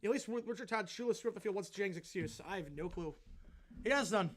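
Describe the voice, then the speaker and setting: Man, very high voice, play-by-play football commentary, stream host, excited calls, laid-back chat replies. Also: fast. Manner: rises into excited calls on big plays, drops low and casual when answering chat. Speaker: stream host calling games.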